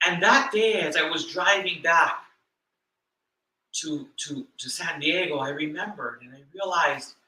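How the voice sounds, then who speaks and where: A man preaching a sermon as a church minister, earnest and reflective, pausing and repeating words as he speaks. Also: on the high side, sharp tone, echoey room, rough recording. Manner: earnest, reflective, with pauses and repetitions. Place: church hall.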